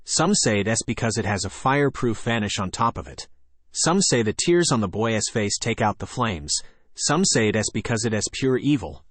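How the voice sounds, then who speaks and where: A man reading a first-person horror story in a plain, even narration. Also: fairly low pitch, moderate pace, dry recording.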